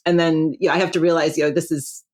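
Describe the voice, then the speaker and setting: Chatty American woman, lowish voice. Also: flat delivery, fast, a little mellow. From Buffalo, New York, USA. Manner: chatty, laughs often, many restarts. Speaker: podcast guest. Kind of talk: casual interview chat. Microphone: video call.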